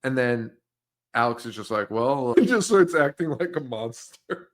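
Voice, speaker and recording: A young man with a mid-range voice co-hosts a podcast at normal speed, casually recapping a film's scenes. He laughs often and gives an animated retelling, quoting lines in different voices.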